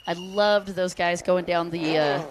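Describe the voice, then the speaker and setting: A woman's voice: on the low side, steady tone, measured pace, noisy background. A woman announcing a jet ski race live, chatty and upbeat, joking with the crowd. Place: outdoor race venue by the water.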